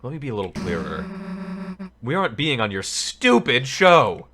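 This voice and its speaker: A man's voice: mid-range voice, sing-song, moderate pace, pushed and bright, slight background noise. A man voicing a rude, tough young monster girl who talks bluntly and snappily. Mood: annoyed.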